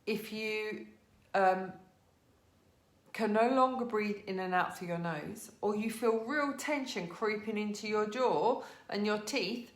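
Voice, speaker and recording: A woman teaching a live online yoga class from her living room, giving gentle, encouraging cues and greeting students by name. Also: mid-range voice, echoey room. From England.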